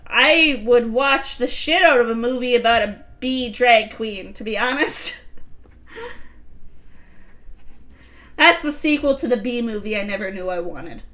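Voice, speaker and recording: Woman streamer, wry, irreverent, profane, bright voice, fairly high. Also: measured pace, long pauses. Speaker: streamer reading a film script. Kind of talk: comic script reading with asides.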